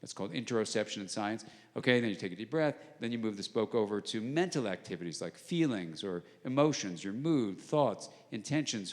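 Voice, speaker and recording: A guest lecturer with a voice on the low side speaks to a live audience in a large arts center auditorium, where the hall's long reverb is audible. His talk is conversational; he performs bits of dialogue and lowers his voice to a hush to stress points.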